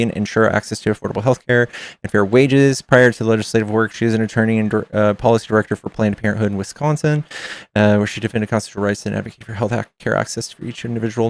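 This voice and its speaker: A man's voice: lowish voice, creaky. A man streaming live, chatting casually with his chat, reading aloud and swearing as he reacts.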